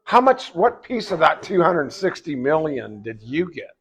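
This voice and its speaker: A man's voice: on the high side, very animated, normal speed, fairly bright tone. A man interviewing a retired ballplayer, giving short questions and reactions.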